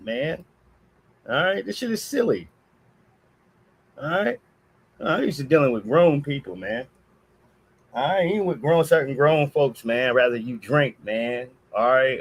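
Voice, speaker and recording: A live streamer telling a story in a casual rant, peppering his talk with "all right" and swinging from low mutters to high exclamations. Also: a bit bright, breathy edge, low-quality recording.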